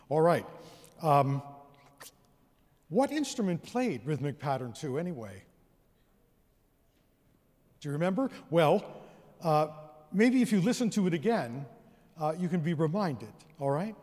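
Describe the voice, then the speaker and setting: A man's voice: sits high, big pitch swings, measured pace, long pauses, darkish tone. A man presenting an educational concert, leading the audience in counting and singing rhythms with the orchestra in a large theater. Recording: long reverb of a large theater hall.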